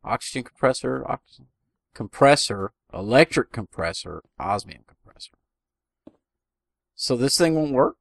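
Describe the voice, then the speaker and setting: A man co-hosting a casual gaming session, playful and animated, with bursts of yelling. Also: medium pitch, moderate pace, creaky, pauses often, dry recording. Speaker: let's play co-host.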